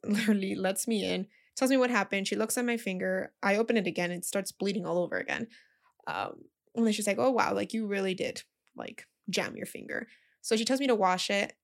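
A woman's voice: mid-range voice, gravelly. A young woman and teacher telling a chatty, casual story with lots of fillers.

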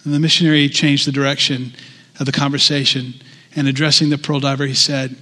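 A man's voice: mid-range voice, level tone, a little fast, bright, forceful tone, in a large hall. Man preaching conversationally in a church. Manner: conversational, asks the congregation questions. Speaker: pastor. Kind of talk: sermon.

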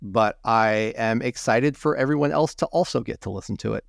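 Very deep, gravelly woman co-host. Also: moderate pace, no room sound, studio quality. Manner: brief, laid-back replies. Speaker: podcast co-host. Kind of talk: casual podcast chat.

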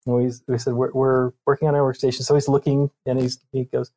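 A middle-aged man, a visual effects artist, telling stories as a podcast guest, halting with fillers. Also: mid-range voice, little pitch movement, mellow. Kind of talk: casual chat.

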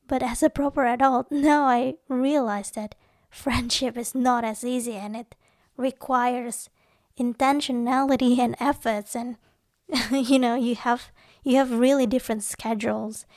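A woman's voice: fairly high pitch, steady tone, measured pace, darkish tone, dry recording, studio quality. Bubbly young woman chatting to viewers. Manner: chatty, giggly, playfully acts out little scenes. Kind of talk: casual personal talk to viewers.

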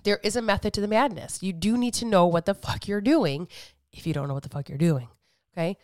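A middle-aged woman talks through a fitness podcast monologue, candid and lively, swearing freely as she tells her stories. Her voice is smooth and clear, recorded dry and close with almost no room sound. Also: mid-range voice, brisk, dry recording. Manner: candid, animated storytelling with frequent swearing and acted-out quotes. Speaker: fitness coach and podcast host.

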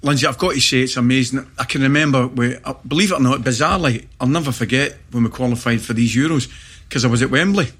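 A middle-aged Scottish man, a former footballer, telling lively anecdotes in casual chat, often checking in with "right?". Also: mid-range voice, slightly rough. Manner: animated anecdotes, quick asides like "right?". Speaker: former footballer and pundit guest.

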